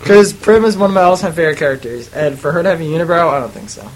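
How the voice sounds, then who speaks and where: Casual man with a slightly high voice. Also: racing, heavy background noise. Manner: relaxed, chatty, hesitant. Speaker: podcast co-host. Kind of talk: casual group chat.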